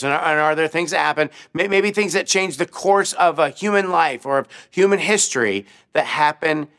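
A man preaching a sermon, telling short stories in an animated way and asking his listeners questions as he goes. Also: fairly high pitch. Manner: animated, asks the audience questions, acts out crowd voices. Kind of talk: children's sermon storytelling.

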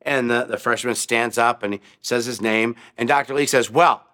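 A man's voice: mid-range voice, steady tone, moderate pace, sharp tone. A male pastor delivering a sermon, telling a story and acting out the voices of the people in it with rising emphasis.

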